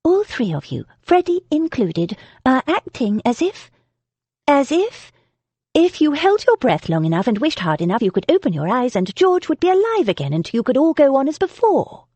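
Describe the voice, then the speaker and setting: A woman's voice: sits high, sing-song, moderate pace, husky, no room sound, pitched above the performer's own voice, exaggerated voice. A woman voicing a composed, defiant young heroine who speaks coolly and firmly. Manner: cool and firm, gentle.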